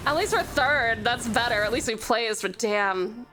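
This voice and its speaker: Young woman gaming on stream, squeaky and all over the place, laughs a lot, cusses when she crashes, game music faint behind. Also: takes it slowly, noisy background. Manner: excitable, giggly, swears when losing. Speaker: VTuber streamer. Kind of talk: casual gaming stream commentary.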